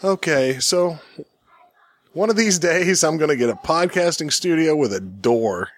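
Podcast host, a man in his thirties, somewhat high voice, dry close sound, chatty and jokey. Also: expressive, unhurried, no room sound. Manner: jokey, laughs often, rambling with restarts. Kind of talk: casual podcast chat.

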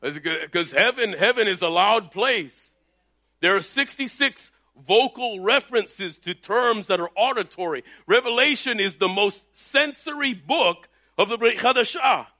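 Loud high-pitched man preaching. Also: lively intonation, measured pace. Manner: loud, emphatic preaching with rising bursts. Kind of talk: energetic sermon. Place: Texas.

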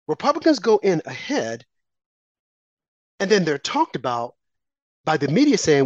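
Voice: medium pitch, very animated, moderate pace, long pauses, no room sound. A political commentator giving an impassioned monologue, repeating phrases, firing off rhetorical questions and mocking opponents in quoted asides. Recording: slightly dull lo-fi recording.

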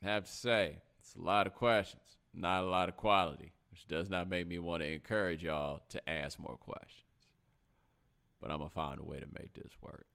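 A man's voice: sits low, moderate pace, gravelly. A man hosting a live stream, talking casually in slang and acting out other people's words. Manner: animated, slangy, acts out other people in quotes. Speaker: host.

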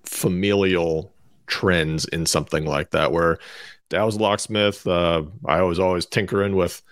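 A man co-hosting a radio show, talking in a dry, measured, deadpan way. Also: sits low, no echo. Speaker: co-host. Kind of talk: casual radio show chat.

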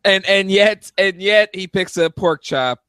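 A man's voice: high-pitched, unhurried, sharp tone, clean tone, no room sound, clean studio sound. A man from the American South, co-hosting a podcast in playful, laughing banter. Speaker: podcast co-host. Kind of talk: casual banter.

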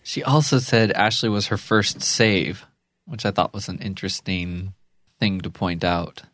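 Man, co-host, lowish voice, dry room, casual chat. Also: steady tone, a little slow, fairly bright tone, no room sound. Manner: chatty, laughs often. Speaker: podcast co-host. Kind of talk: casual discussion.

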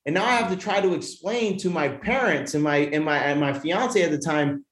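An animated man tells his story as a podcast guest, cursing freely and often breaking off to restart his thoughts. His voice sits a bit high for a man and rings in a roomy, echoing space. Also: moderate pace. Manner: animated, profane, many restarts. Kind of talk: casual storytelling. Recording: roomy echo.

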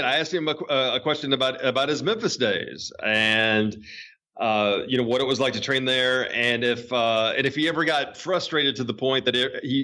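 A man's voice: mid-range voice, sharp tone. A man hosting a wrestling podcast, joking casually and reading ads. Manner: joking, chatty, with fillers. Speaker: podcast host. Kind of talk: casual podcast chat and ad read.

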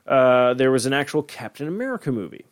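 Man, casual podcast chat, rambling, swears a lot, mid-pitched voice. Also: very animated, quick pace. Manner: rambling, swears freely, lots of fillers. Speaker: podcast co-host.

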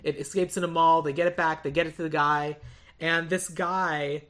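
A woman hosting a podcast, retelling a movie's plot in a casual, chatty way with quick asides and laughs. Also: low voice, fairly even intonation, fairly bright tone. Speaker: podcast host. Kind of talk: casual movie recap chat.

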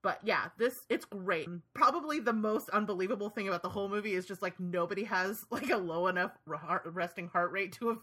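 A woman's voice: medium pitch, fairly quick, few pauses, fairly bright tone. A woman hosting a podcast in casual chat, gushing and laughing, with plenty of "like" in her speech. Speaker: podcast host.

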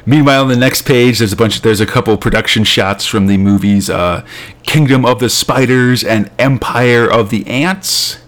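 A man's voice: mid-range voice, moderate pace. A man co-hosting a casual chat, rambling with many fillers and restarts, laughing often. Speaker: podcast co-host.

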